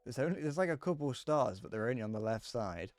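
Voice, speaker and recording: A man streaming a game, rambling and joking as he thinks out loud, often restarting his sentences. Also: medium pitch, lively intonation, fast talker, no room sound, soft background music. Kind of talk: casual gameplay commentary.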